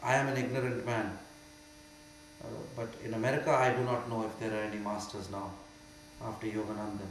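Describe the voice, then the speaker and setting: An older man from India with an Indian accent, a spiritual teacher answering questions in an emphatic way that moves from quiet to loud. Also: lowish voice, flat delivery, a little fast. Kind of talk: spiritual Q&A talk. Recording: very echoey hall with faint hum.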